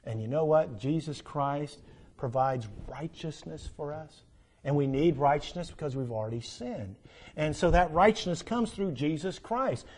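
A man preaches a sermon at a normal speed, quoting scripture in archaic language. His delivery swings between loud, emphatic peaks and low, quiet stretches.

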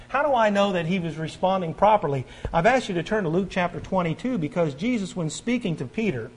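A man preaching a sermon, reading scripture aloud and swinging from forceful stresses to quiet, earnest stretches. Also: slightly rough, low-quality recording. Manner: emphatic, swings between loud stresses and quiet earnest lows; reads scripture aloud and invites the congregation to turn pages.

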